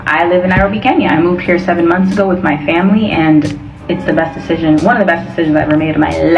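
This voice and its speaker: An American woman vlogger chatting casually and playfully, and she talks fast. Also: fairly low pitch, reverberant, recorded from a distance, muffled recording, faint music behind. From United States. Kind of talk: casual vlog chat.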